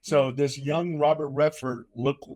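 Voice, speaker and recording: An older man with a somewhat high voice tells a story with lots of energy and puts real force into the lines he quotes. He is a relaxed host chatting casually. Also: a little slow. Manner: animated storyteller who shouts out quoted lines. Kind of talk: casual chat.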